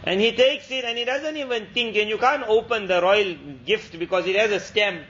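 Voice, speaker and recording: A male Islamic lecturer with a high voice tells a moral tale and draws lessons from it. He speaks earnestly and repeats key phrases for emphasis. The sound is muffled and lo-fi, like an old lecture tape. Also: normal speed, fairly bright tone. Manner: earnest, repetitive, preachy. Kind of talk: storytelling sermon. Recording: dull lo-fi lecture recording.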